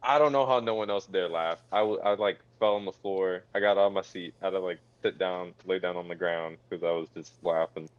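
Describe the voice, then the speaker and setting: A man's voice: deep voice, fairly even intonation, fairly quick, few pauses, no echo. A young man on a casual podcast, animatedly telling a funny story. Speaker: podcast co-host. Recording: dry, dull lo-fi mic.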